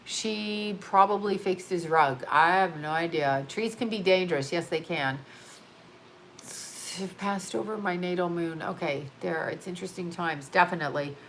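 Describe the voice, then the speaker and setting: A woman's voice: fairly low pitch, moderate pace, a bit bright, slight background noise. A woman hosting a casual livestream as an astrologer, rambling and blunt, swearing freely and tired after a long day of readings. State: tired, yawning. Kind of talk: casual livestream chat reading viewer comments. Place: her home studio.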